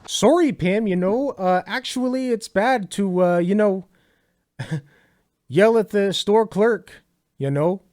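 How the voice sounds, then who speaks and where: Animated young man reacting to a film. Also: high voice, takes it slowly. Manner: animated, swearing, laughing, sarcastic. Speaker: commentator reacting to a film clip. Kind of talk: casual reaction commentary.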